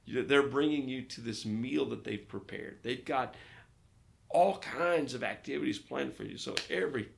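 A man from Arkansas, a pastor, telling lively stories in a casual interview and acting out the dialogue. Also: medium pitch, normal speed, gravelly. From Arkansas, United States. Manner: lively storyteller who acts out dialogue.

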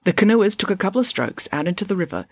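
Lively woman narrating a children's book. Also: medium pitch, fast talker, slightly rough, no room sound. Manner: expressive, even storytelling. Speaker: audiobook narrator. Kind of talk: storybook narration.

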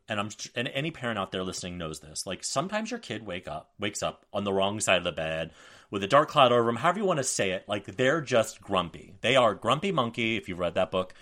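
A man in his forties co-hosting a podcast, telling stories in an animated, profane, self-mocking way. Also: lowish voice. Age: 40s. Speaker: podcast co-host. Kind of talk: casual chat.

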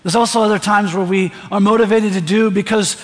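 A man's voice: high-pitched, fairly even intonation, fairly quick. A man preaching a sermon in a church, talking conversationally and often putting questions to the congregation. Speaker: pastor. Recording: reverberant hall.

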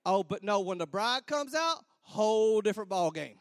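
A man telling a comic story to an audience in a large hall, animated, repeating words and acting out sound effects. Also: very high-pitched, brisk, hardly any pauses, studio quality. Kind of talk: stand-up storytelling to a church audience.

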